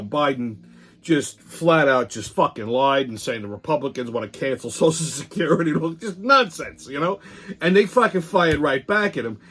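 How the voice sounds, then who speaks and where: A man's voice: high voice, fairly bright tone. A man hosting a weekly political commentary show, ranting in a profane, heated, sarcastic way, rambling and restarting his sentences.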